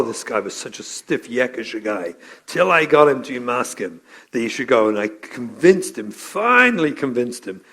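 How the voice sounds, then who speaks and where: A middle-aged man, a rabbi and parenting educator, gives a live training lecture, telling stories with acted-out quotes and Yiddish and Hebrew terms. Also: a little high. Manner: animated storytelling, acts out quotes, mixes Yiddish and Hebrew terms.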